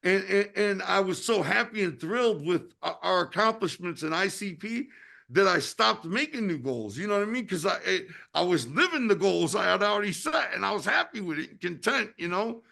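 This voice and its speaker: An American podcast host and wrestling promoter in his fifties chats casually with passion, his high voice gravelly and sharp. He's animated, speaks at a moderate pace, swears frequently and keeps asking "you know what I mean."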